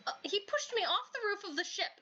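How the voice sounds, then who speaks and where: A woman voicing a haughty, easily frightened young princess in a visual novel, with a sharp, indignant manner. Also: very high-pitched, expressive, fairly quick, voice pushed up, full character voice. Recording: dull lo-fi audio, faint music.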